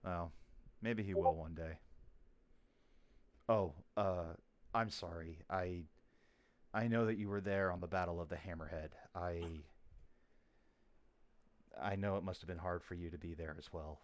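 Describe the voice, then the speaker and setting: A man voicing a gentle, weary widowed father who talks in a soft, halting, apologetic way. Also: deep voice, fairly even intonation, voice pushed down.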